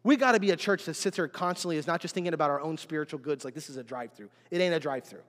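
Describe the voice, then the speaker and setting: A man's voice: a little high, very fast, a bit bright. A middle-aged male pastor preaching to his congregation in a church, conversational and often checking in with "right?" and "amen?". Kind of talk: sermon. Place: church sanctuary. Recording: long hall reverb.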